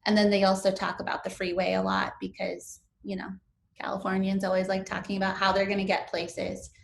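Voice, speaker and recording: Young female instructor, relaxed lecture delivery, frequent fillers, roomy echoey sound. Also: mid-range voice, brisk, gravelly, a little hiss or hum. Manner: casual, lots of fillers like um and like. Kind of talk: recorded online lecture.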